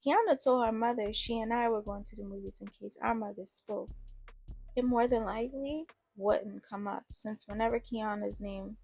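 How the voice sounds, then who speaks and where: Husky woman telling a story. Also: mid-range voice, darkish tone. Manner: casual, slangy storytelling. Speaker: narrator. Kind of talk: first-person story narration.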